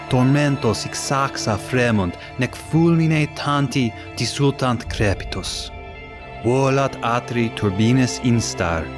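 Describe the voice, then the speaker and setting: A man reciting classical verse in a slow, solemn declamation. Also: mid-range voice. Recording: clear music underneath. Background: music.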